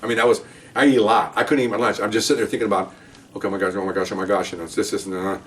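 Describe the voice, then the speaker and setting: A middle-aged former detective tells his war stories in a low voice, moving at a quick clip. He gets animated and jumps up in pitch when he acts out what others said. The mic sits a little away from him. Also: slight background noise. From Latino. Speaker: retired police detective telling stories. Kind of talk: casual storytelling. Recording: voice a bit far from the mic.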